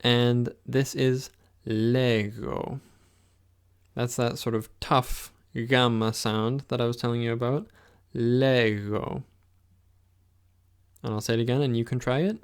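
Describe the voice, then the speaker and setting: A man leads a pronunciation lesson, speaking slowly and patiently. He repeats each word so the listener can try it after him. His voice is smooth and resonant, with a gravelly edge at the ends of phrases. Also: mid-range voice, fairly even intonation. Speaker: language teacher.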